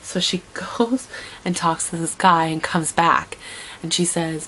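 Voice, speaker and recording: A young woman vlogging a personal story in a lowish voice. She tells it in a chatty, dramatic way with wry asides. A faint hum sits behind her. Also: level tone, unhurried, bright, forceful tone, low-quality recording. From Toronto, Canada. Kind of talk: casual storytelling monologue.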